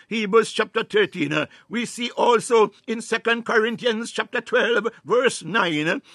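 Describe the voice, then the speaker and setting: Fervent high-voiced preacher. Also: male voice, dry recording, clean studio sound. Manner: fervent, punctuated with "my God" and "hallelujah"; bursts into tongues, rising to shouts. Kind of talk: sermon.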